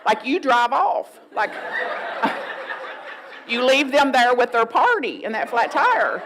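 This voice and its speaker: A middle-aged woman preaches to a congregation in a folksy, playful way. She acts out the voices in people's heads and draws the room into answering her. Her voice sits a touch high. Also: big pitch swings, takes it slowly, pauses often, a bit bright. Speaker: guest minister. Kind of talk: sermon with congregation participation.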